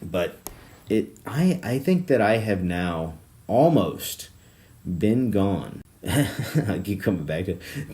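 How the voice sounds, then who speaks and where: A man with a lowish voice hosts his own podcast alone, talking slowly and rambling from one tangent to the next. His pitch swings widely, from low mutters to loud, excited bursts, and he swears and laughs constantly. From South Florida. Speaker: podcast host. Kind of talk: rambling solo podcast monologue.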